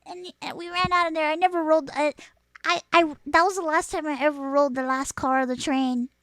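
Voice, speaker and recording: An adult woman streamer telling a story to her chat in a crude, profane and animated way, close to a desk mic. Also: sits high, brisk, dry recording.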